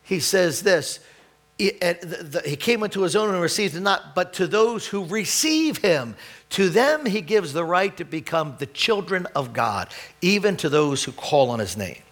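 A man preaching a sermon in a conversational way, often restarting his sentences and clearing his throat, lifting his voice when he reads scripture. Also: sits high, big pitch swings, moderate pace, a bit bright. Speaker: pastor.

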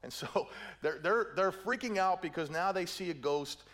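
Man, middle-aged, preacher, sermon, slightly high voice, playful, acts out quotes. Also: normal speed, fairly bright tone. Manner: playful storytelling, acts out quotes, keeps asking "right?".

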